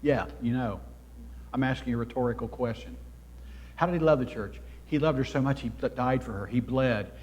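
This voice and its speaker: A man preaching a sermon as pastor, earnest and exhorting, his voice swelling louder when he drives a point home. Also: medium pitch, fairly quick, big-room sound. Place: church sanctuary.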